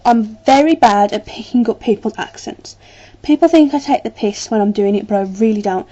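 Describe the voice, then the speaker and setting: A woman's voice: a little high, moderate pace, warm tone. Rambling British woman on a dull webcam. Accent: British English. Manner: rambling, chatty, lots of ums. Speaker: vlogger. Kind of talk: casual chat to camera.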